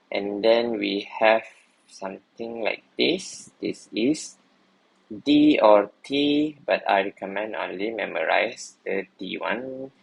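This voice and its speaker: Slow, husky male teacher. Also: fairly low pitch, rough recording. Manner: patient, repeats "okay" often, slow explanatory. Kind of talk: language lesson explaining writing.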